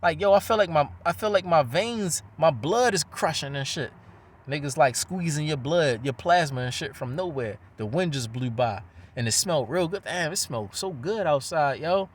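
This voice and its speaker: A man rants in a loose, casual monologue, his voice sitting a little high. He talks profanely and rambles from one point to the next, telling his stories with animated energy. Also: moderate pace.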